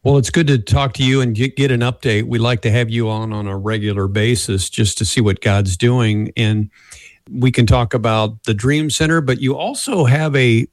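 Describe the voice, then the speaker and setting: A man's voice: medium pitch, fairly even intonation, normal speed, dry recording. A man in his fifties hosting a Christian radio interview, friendly and a bit stumbling. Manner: friendly, stumbling over words. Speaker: radio host.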